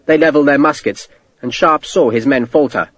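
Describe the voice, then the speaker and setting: A man narrating a historical war novel as an audiobook, with an expressive storytelling delivery. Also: mid-range voice, brisk, dry recording. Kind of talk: scripted narration.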